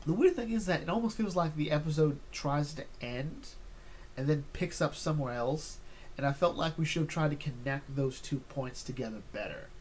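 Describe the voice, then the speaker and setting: A man's voice: a little high, moderate pace, darkish tone, a little hiss or hum. A man chatting casually as he reviews an episode, rambling with many fillers and restarts.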